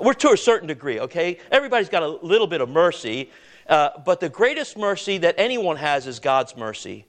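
A man preaching a sermon, asking his congregation questions and waiting for their answers, slowing down on key words and dropping low and quiet to stress a point. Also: big pitch swings. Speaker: pastor.

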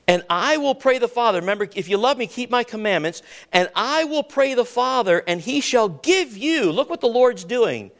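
A preacher with a high voice leads his congregation through scripture, pausing to ask them questions and waiting for their answers. He drags out key words for weight, then drops low and quiet to press a point home. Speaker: pastor. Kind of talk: sermon.

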